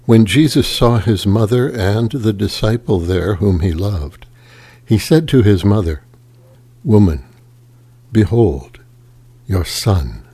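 A man reading scripture aloud in a slow, measured and solemn liturgical manner. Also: fairly low pitch, dark tone, husky. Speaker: scripture reader.

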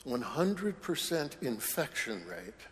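Priest giving a homily, unhurried and mid-pitched, dry humor, long reverb of a church hall. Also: male voice, sing-song, fairly bright tone. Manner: conversational, wry humorous asides. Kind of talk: sermon.

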